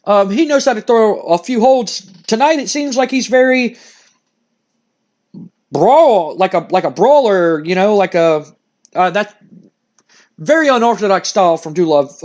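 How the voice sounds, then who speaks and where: A man with a strikingly high voice narrates a wrestling sim like a ringside commentator. He gets excitable, repeats himself and stumbles over his words, swearing when the game surprises him. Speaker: gaming channel host.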